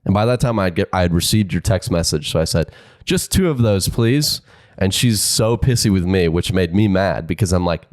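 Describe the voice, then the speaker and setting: A man's voice: deep voice, expressive, moderate pace, a little mellow, no room sound, clean studio sound. A man co-hosting a podcast, telling a story animatedly, acting out both sides and laughing often. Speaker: podcast co-host. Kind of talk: casual chat.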